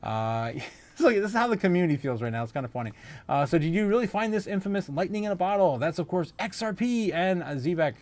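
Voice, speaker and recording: An excitable man hosts a casual crypto livestream, reading viewers' comments and reacting with frequent laughter. His voice sits a bit high for a man, and his talk is hyped and chatty. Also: fast.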